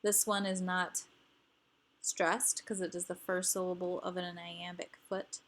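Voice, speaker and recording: A woman's voice: on the low side, little pitch movement, measured pace, fairly bright tone. A woman teaching grammar rules, explaining patiently and repeating each example word.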